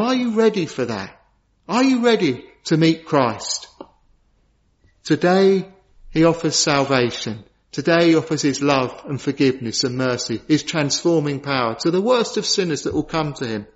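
A man delivering a fervent sermon with a fairly high voice. He slows down to hammer home his declarations. The recording is dull and lo-fi. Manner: fervent, emphatic preaching with slow stressed declarations. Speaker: preacher.

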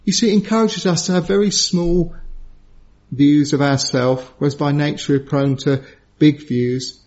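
A man's voice: on the high side, steady tone, moderate pace, darkish tone. A man preaching an evening sermon to a congregation in an earnest way, often repeating a word while he finds the next. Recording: dull lo-fi sermon recording.

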